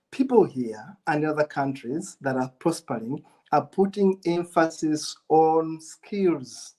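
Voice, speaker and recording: A man's voice: on the high side, a little mellow, poor audio. A middle-aged man delivers a motivational business masterclass. He drives his message home by repeating key phrases, with an earnest, preachy tone. His delivery is that of a coach speaking to an audience. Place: United Kingdom.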